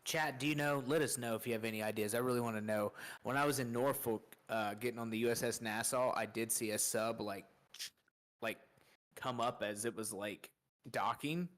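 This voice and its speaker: A man co-hosting a casual stream, reacting with short, easygoing remarks and telling a quick story of his own. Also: mid-range voice, fairly even intonation, a bit bright. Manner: laid-back, short reactions, says dude. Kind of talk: casual talk.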